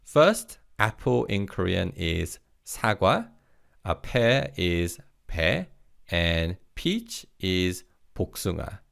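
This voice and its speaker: A man teaching a recorded vocabulary lesson, leading slow repeat-after-me drills and praising the learner between words. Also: low voice, sing-song, creaky, fairly bright tone. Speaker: language teacher.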